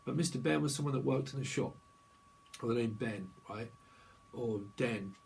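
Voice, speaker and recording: Speaking at a moderate pace, the middle-aged man reading tarot has a creaky, darkish, medium-pitched voice. He rambles casually, hopping from idea to idea and putting on playful voices, while poor audio carries a faint hiss or hum.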